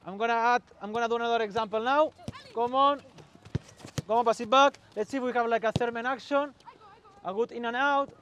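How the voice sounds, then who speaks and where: High-voiced man coaching on a pitch. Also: fairly even intonation, brisk, a bit bright, a little hiss or hum. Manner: short commands, calls out to players, mixes in Spanish. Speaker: football coach. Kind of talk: on-field coaching demonstration.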